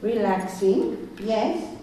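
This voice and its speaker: Woman, spiritual teacher, unhurried and gentle, questions her audience; distant mic, very echoey room. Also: mid-range voice, a little hiss or hum. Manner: calm, measured, asks the audience questions. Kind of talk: slow reflective spiritual talk to a group.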